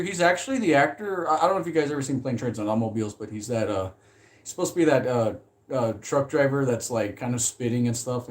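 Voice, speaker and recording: A movie commentary vlogger with a slightly high voice chats casually about films, rambling loosely. He gets animated, swears freely and laughs often between thoughts.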